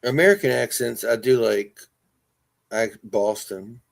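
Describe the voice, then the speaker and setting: A man's voice: mid-range voice, unhurried, vocal fry. A man co-hosting a live stream, putting in short, laid-back remarks during casual chat.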